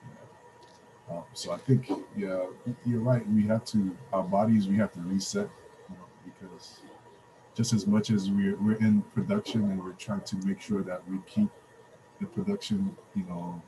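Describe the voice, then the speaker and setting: A man with a very low voice chimes in on a video call, hesitant and soft-spoken, full of ums and restarts. A faint hum of noise sits behind him. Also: steady tone, normal speed, rough recording. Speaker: call participant. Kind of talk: casual discussion on a video call.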